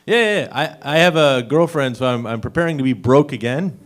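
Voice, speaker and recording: A man's voice: medium pitch, lively intonation, a little fast. Young man doing giggly stand-up. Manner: laughs at his own jokes, rambling asides. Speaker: stand-up comedian. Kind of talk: stand-up set. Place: open mic comedy stage.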